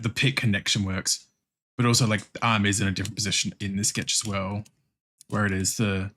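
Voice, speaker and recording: A man's voice: fairly low pitch, fairly bright tone. An Australian man chatting casually with viewers while drawing on stream, swearing freely and laughing often. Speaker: art streamer.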